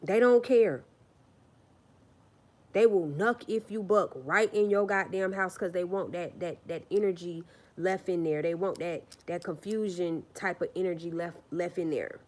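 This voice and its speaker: Lady on a livestream venting a story, kinda low voice, cusses a lot, repeats stuff for emphasis. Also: normal speed. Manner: blunt, profane and emphatic, with repeated phrases. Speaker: livestream host.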